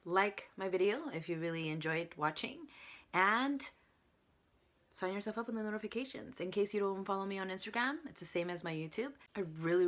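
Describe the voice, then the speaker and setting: Candid woman vlogger, bright voice. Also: lowish voice. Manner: candid and chatty, shares personal story. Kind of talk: casual advice talk to camera.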